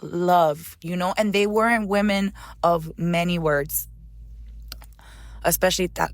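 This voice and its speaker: An older woman in an interview, a chef and author speaking in a heartfelt, halting way, close to tears at moments. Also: on the low side. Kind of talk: emotional interview conversation.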